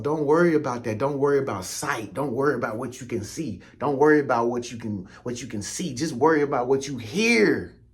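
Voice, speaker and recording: Man, spiritual motivational talk, slangy preachy delivery, direct to viewer. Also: mid-range voice. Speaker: spiritual content creator.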